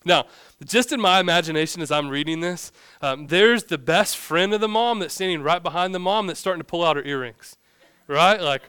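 Casual young male pastor, smooth voice, dry close sound, jokes as he preaches. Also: on the high side, a little fast, pushed and bright, no room sound. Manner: casual, joking preaching with vivid storytelling. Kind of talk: sermon.

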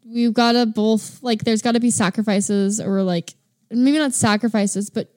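Woman, podcast co-host, casual and frank, swears easily; voice sits a little high. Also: fairly even intonation, a little slow, darkish tone. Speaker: podcast co-host, the man's wife. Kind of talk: casual chat.

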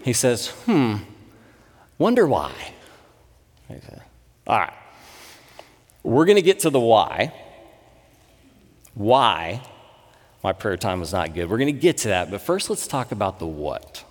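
A man in his thirties, a pastor, giving a sermon with conversational, animated storytelling. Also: on the low side, a little slow, long pauses. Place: church sanctuary. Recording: long reverb in a church hall.

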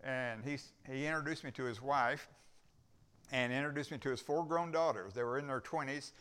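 A clear, resonant, slightly bright voice of medium pitch carries this older man's folksy story at a moderate pace. He's a visiting preacher giving a testimony at a church service, rambling as he acts out each exchange.

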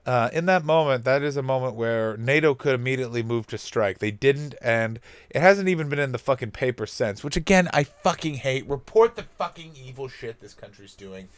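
A man's voice: mid-range voice, lively intonation, moderate pace. A man from Canada doing a rambling, profane comic monologue as a podcast host.

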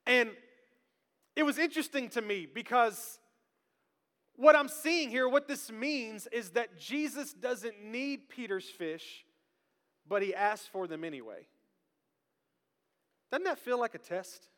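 A man preaching a sermon as pastor, lively and drawing the congregation into call-and-response. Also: very high-pitched, unhurried, pauses often. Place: church sanctuary. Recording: long reverb of a large church hall.

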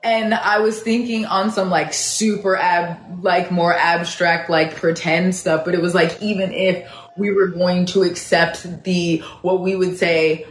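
A woman's voice: lowish voice, flat delivery, a little slow, hardly any pauses, reverberant, slight background noise. A woman on a talk panel, rambling wryly with many "like" fillers. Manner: rambling, full of "like" fillers, wry. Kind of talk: casual political discussion.

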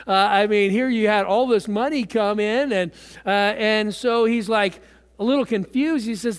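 A man's voice: sits high, normal speed, in a large hall. A man preaching a sermon as pastor, talking in a conversational way with fillers and repeated words.

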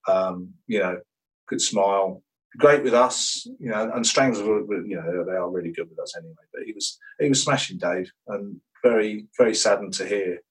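A musician guest in a radio interview, telling rambling, enthusiastic anecdotes. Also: male voice, fairly low pitch, moderate pace, recorded from a distance, rough recording.

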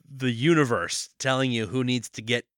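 A man's voice: medium pitch, moderate pace, a bit bright, no echo, clean studio sound. A man co-hosting a podcast, casually recapping a movie plot with jokes and frequent laughter. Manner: joking, laughs often, slips into mock voices. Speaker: podcast co-host.

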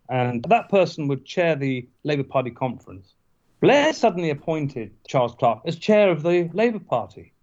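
A man's voice: fairly high pitch, darkish tone, highs cut off. A man guest telling a digressive story in a casual podcast conversation, wry and self-aware.

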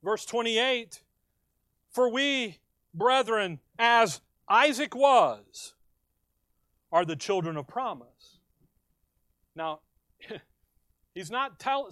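High-pitched emphatic preacher man, dry sound. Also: pushed and bright, no echo. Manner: emphatic, asks the congregation questions and answers them; reads scripture aloud in slow stressed phrases. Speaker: pastor. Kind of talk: sermon.

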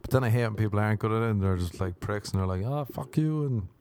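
A man's voice: lively intonation, fast, darkish tone, no room sound. Comic in his thirties, rambling and self-mocking, dry booth sound. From Ireland. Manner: rambling, self-mocking, jumps into high squeaky put-on voices. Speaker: comedian. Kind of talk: comedic monologue.

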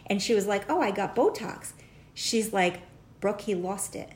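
A woman co-hosting a casual chat, telling a client's story with lively acted-out quotes. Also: mid-range voice, normal speed. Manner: animated storyteller, acts out quoted voices.

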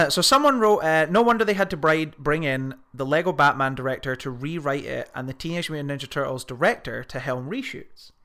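A man's voice: a little high, fairly quick, hardly any pauses, bright, forceful tone. A man co-hosting a casual film podcast, swearing freely and reading comments aloud with amused relish. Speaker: podcast co-host. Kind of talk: casual film review chat.

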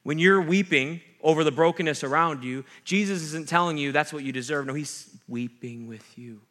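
A man's voice: on the high side, normal speed, a bit bright. A young adult man, a pastor, giving a sermon in a conversational way, with jokey asides and acted-out quotes.

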